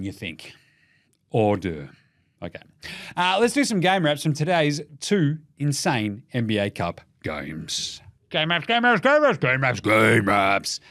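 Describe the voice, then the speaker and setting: A man from Australia hosting a casual sports podcast, rowdy and sweary, cracking jokes and slipping into silly voices. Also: mid-range voice. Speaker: podcast host.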